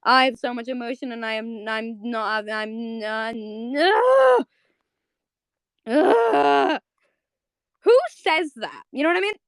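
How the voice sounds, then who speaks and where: Brief: young woman chat host, excitable and emotional, casual cursing, dry close sound. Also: fairly high pitch, takes it slowly, long pauses, clean tone, no room sound. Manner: gushing, emotional, swears freely, rambling. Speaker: host of a live audio chat.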